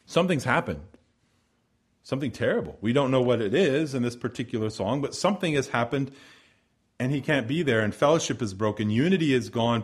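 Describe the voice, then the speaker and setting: Earnest male preacher, measured cadence. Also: mid-range voice, breathy edge. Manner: earnest preaching cadence, slows for emphasis, reads scripture aloud. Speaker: pastor. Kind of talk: sermon.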